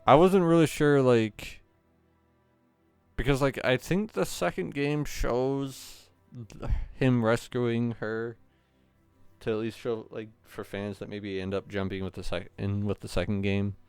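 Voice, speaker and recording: A man's voice: mid-range voice, fairly even intonation, a little slow, clean tone, no echo, soft background music. A man hosting a gaming channel, giving casual, rambling play-through commentary with lots of hesitant fillers.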